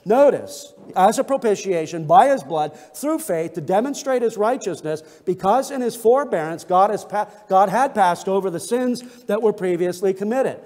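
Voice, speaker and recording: A man's voice: sits high, animated, normal speed, hardly any pauses, a little mellow, long reverb tail. A man preaching an expository sermon as pastor, earnest and emphatic, restating points and reading scripture aloud. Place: church sanctuary.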